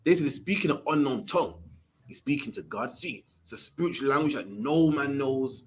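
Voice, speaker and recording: A man's voice: medium pitch, animated, brisk. A young man with a Birmingham accent teaching a scripture class in a streetwise, conversational way, often ending phrases with "man". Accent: Birmingham English.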